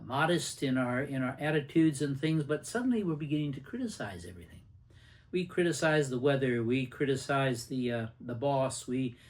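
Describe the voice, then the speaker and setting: A man's voice: mid-range voice, darkish tone. An older man hosting a casual lesson on anger, talking conversationally and acting out little anecdotes and quotes. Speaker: host and anger management teacher. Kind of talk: casual teaching talk to camera.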